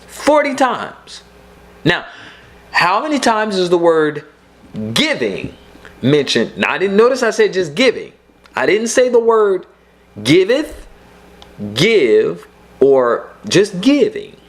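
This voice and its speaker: A man's voice: high voice, huge pitch swings, slow pace, pauses often. A middle-aged man preaching a sermon, emphatic and repeating his key points for the congregation.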